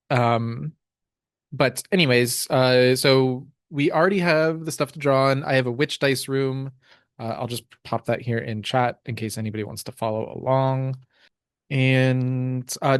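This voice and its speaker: A man in a tabletop game session, reading rules and narrating scenes in a relaxed, rambling way. His voice sounds close and dry, and his pitch is middling. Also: smooth, no room sound. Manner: relaxed, full of ums and uhs.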